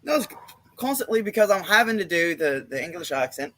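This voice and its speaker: A man's voice: high-pitched, big pitch swings, a little fast, sharp tone, no room sound. A man co-hosting a casual livestream chat, goofy and joking. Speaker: co-host.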